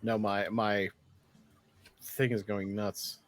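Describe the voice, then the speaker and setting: A man's voice: lowish voice, flat delivery, takes it slowly, no room sound. A man playing a tabletop game, wry and laid-back. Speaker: player. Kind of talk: casual tabletop play.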